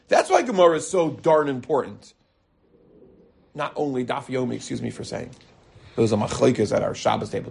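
A middle-aged man, a rabbi, giving an animated Torah lecture full of stories and bursts of emphasis. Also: fairly high pitch, normal speed, gravelly, slightly rough. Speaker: rabbi teaching a Torah class.

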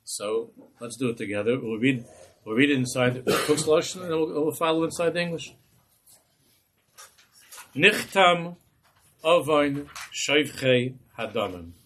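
A man's voice: medium pitch, fairly even intonation, fairly quick, husky. A man, a rabbi, teaching a Torah class in a passionate, rhetorical way. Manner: impassioned, rhetorical.

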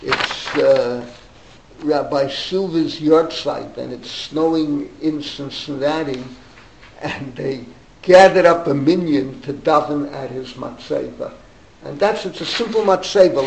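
Gravelly older New man rambling. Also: a little high. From New York. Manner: digressive, many fillers and restarts. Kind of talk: rambling anecdotal storytelling. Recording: roomy echo, faint background noise.

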